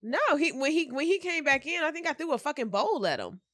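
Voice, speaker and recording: A woman in her thirties chatting as a podcast guest, her pitch leaping around as she acts out quotes. The sound is close and dry, with no room in it. She laughs easily between her stories. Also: big pitch swings, fast, a bit bright, no room sound. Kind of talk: casual chat.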